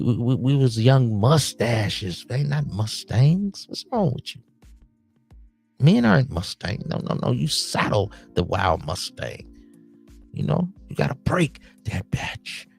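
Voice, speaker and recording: A man with a very low, gravelly voice runs a loose late-night podcast stream. He lectures his listeners like an uncle handing out hard-won street advice, with faint music playing behind him. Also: big pitch swings, measured pace, darkish tone. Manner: streetwise, preachy advice to "nephews". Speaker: podcast host. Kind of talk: casual late-night livestream monologue.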